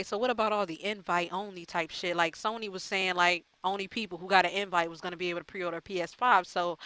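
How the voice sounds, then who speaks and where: A woman's voice: on the low side, sharp tone, dry recording. A woman gaming YouTuber chatting casually to her viewers, rambling and profane with lots of fillers. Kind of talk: casual chat to camera.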